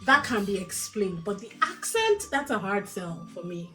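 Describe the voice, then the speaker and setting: A woman co-hosting a casual film review chat, animated and opinionated, often laughing. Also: medium pitch, moderate pace, faint music behind. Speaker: podcast co-host.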